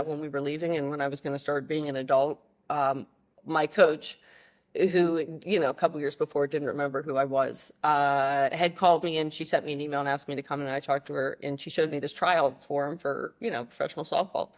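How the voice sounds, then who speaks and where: A woman in her thirties from the Pittsburgh area, a podcast guest telling her story in a casual, animated way with many fillers and restarts. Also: low voice, moderate pace.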